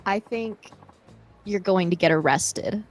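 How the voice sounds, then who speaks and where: A woman's voice: medium pitch, takes it slowly. A giggly woman co-streamer tossing in teasing jokes during a game stream. Her mid-range voice carries over faint game music. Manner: giggly, teasing sidekick banter. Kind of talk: casual gameplay commentary.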